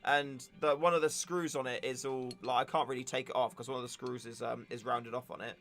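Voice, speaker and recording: A man's voice: medium pitch, fairly even intonation, fairly quick, a bit bright. A young man hosting a casual livestream, chatting and joking in a rambling way. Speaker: livestream host. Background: faint music.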